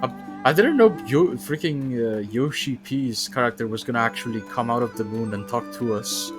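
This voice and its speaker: A man casually commenting on a video game as he streams it, thinking aloud and sometimes yelping with excitement. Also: mid-range voice, moderate pace. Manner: chatty, thinks aloud, bursts into excited yelps. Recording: game music playing behind.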